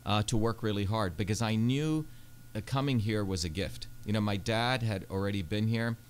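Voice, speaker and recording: Guest spot: man in his 50s, deep-ish voice, earnest storyteller, faint background hiss. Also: normal speed. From India. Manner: earnest, fluent storytelling with frequent fillers. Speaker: Senate candidate, guest. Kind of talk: radio interview. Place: radio studio.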